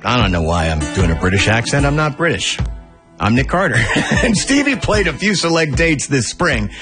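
A man presenting a radio show in a lively, jokey way. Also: medium pitch, normal speed, music in the background. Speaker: radio host.

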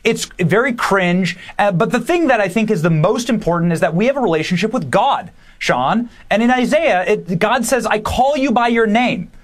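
A man, a podcast host appearing as a guest, delivering emphatic, opinionated political commentary in quick bursts. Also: high voice, lively intonation. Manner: emphatic, fast bursts, dismissive.

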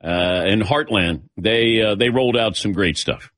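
A man hosting a sports radio show, chatting casually with his crew and cracking quick jokes. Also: on the low side, no echo, studio quality. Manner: wisecracking, lively, quick asides. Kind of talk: casual morning radio chat. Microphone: studio microphone.

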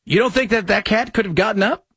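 A male talk radio host with a husky voice, chatting in a rambling, animated way and reading ads quickly. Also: sits high, no room sound, clean studio sound. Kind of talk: casual talk radio commentary.

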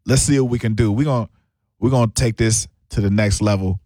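Man, talk radio host, halting delivery, frequent restarts, dry close studio sound. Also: lowish voice, mellow, no room sound. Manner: halting, restarts often, voice lifts on emphasis. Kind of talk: casual talk radio commentary.

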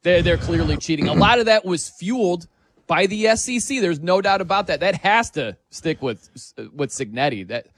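A male sports radio host bantering with his co-hosts in an animated way. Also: high voice, moderate pace, no room sound.

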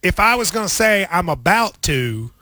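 A man's voice: sits high, normal speed, no echo. A man, co-hosting a casual chat and quizzing his partner on mountain sayings. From Appalachia. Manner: animated, quizzing his co-host on regional sayings.

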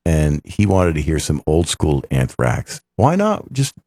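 A man's voice: extremely low pitch, measured pace, no room sound, clean studio sound. A man hosting a rock radio show, chatting casually and joking with his co-host. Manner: lively, joking banter.

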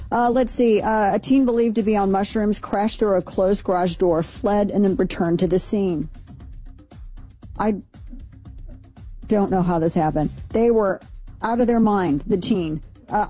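A woman's voice: mid-range voice, mellow. A woman hosting a radio talk show, running through news items in a chatty, rambling way, full of fillers and asides. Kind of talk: casual news chat.

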